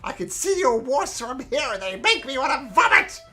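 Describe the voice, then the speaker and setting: A woman's voice: high-pitched, big pitch swings, moderate pace, sharp tone, soft background music, pitched above the performer's own voice, full character voice. A woman voicing a boastful, taunting male goatling creature who hurls insults.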